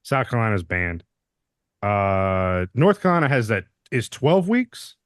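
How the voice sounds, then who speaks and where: A man's voice: lowish voice, sing-song, unhurried, clean tone, no echo, studio quality. A man hosting a podcast, joking and sarcastic in casual political chat. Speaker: podcast host.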